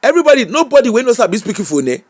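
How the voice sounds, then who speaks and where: Nigerian male streamer, high-pitched, animated and mocking, ranting monologue. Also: racing. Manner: animated Pidgin rant, mocking, laughing.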